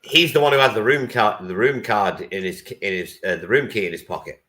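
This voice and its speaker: Man, wrestling podcast co-host, casual enthusiastic chat, lowish, bright and forceful. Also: fairly quick. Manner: swears casually.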